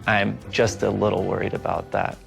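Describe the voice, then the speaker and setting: Reality tv guy, low gravelly voice, talking straight to camera over music. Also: monotone, normal speed, a bit bright. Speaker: reality show cast member. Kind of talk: reality TV confessional.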